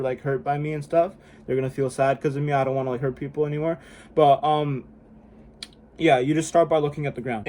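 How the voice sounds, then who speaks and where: A man's voice: medium pitch, darkish tone, a little hiss or hum. A young man vlogging casually and self-consciously, rambling with lots of "like" and "bro". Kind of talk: casual self-help vlog. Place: room indoors at home.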